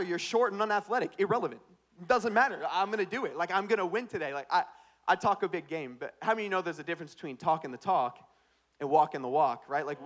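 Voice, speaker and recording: A young male pastor delivers a sermon like a comedian telling a story on himself, with a slightly high voice. He drops into swaggering put-on voices for quoted lines, then swings from hushed asides to loud, bright punchlines.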